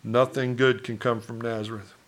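A man's voice: mid-range voice, level tone, moderate pace, crowd noise. A middle-aged man preaching a sermon as pastor, in a conversational way, asking the congregation questions and acting out townsfolk.

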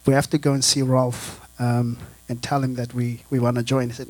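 A man's voice: medium pitch, level tone, brisk, dry recording. A South African man, a guest missionary, casually telling stories to a church audience, laughing often and repeating words as he talks.

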